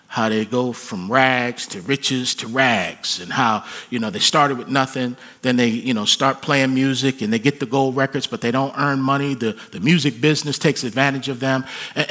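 A man preaching a sermon, dropping to hushed pleading and then rising into loud, emphatic peaks. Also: medium pitch. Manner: swings from hushed pleading to soaring shouted emphasis. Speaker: pastor.

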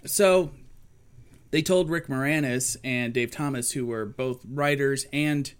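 A man's voice: mid-range voice, slow, clean tone. A man in his forties co-hosting a casual chat, rambling through a story with plenty of fillers and restarts. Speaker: podcast co-host.

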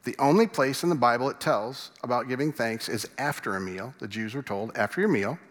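Speaking briskly in a mid-range, fairly bright voice, this man preaches a sermon from a church sanctuary. He talks conversationally and poses questions to the congregation, and the big hall gives the recording a long reverb.

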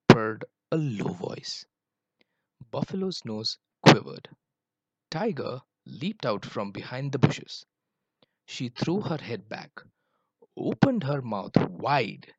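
A man reading a children's story aloud, expressive and playing with sound effects. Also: medium pitch, slow, slightly rough, dry recording, lo-fi sound.

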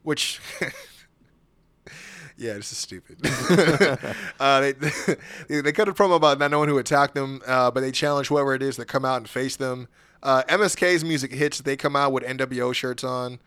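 A man recapping wrestling in casual podcast chat, animated, laughing often and mimicking wrestlers' promos. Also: mid-range voice, normal speed, smooth. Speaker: podcast co-host.

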